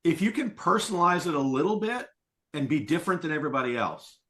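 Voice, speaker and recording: A middle-aged man speaking as a sales coach in a podcast interview, telling stories and acting out quoted lines with lively voices. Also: a little high, fast. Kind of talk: conversational interview.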